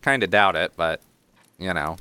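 A man's voice: low voice, lively intonation, normal speed, sharp tone, smooth, dry recording. A man voicing a cocky older halfling boy with a New Jersey accent. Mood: brash. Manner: brash, boastful.

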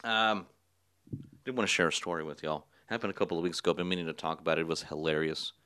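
A man's voice: sits low, fairly even intonation, quick pace, pushed and bright, a little hiss or hum. A young man hosting a casual solo podcast, rambling through a story with frequent laughs and offhand swearing. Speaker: podcast host. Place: small studio.

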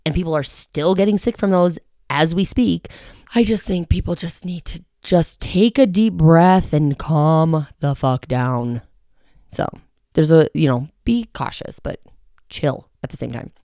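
A woman hosting a casual solo podcast from a quiet home, chatting in a rambling, self-mocking way and sounding slightly short of breath. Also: lowish voice, lively intonation, normal speed, no room sound, studio quality. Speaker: podcast host. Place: quiet home in the early morning.

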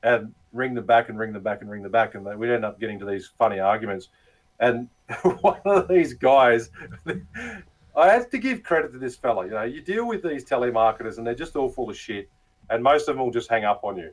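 A man's voice: mid-range voice, expressive, a little fast, rough recording. An Australian man casually telling crude, funny stories with plenty of laughter and swearing, often mimicking the people he talked to. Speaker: guest. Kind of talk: casual storytelling chat.

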